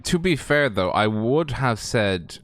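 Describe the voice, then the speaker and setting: A man co-commentating a sim race in casual chat, laid-back and teasing, with halting phrasing. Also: medium pitch, lively intonation, fairly bright tone, faint music behind.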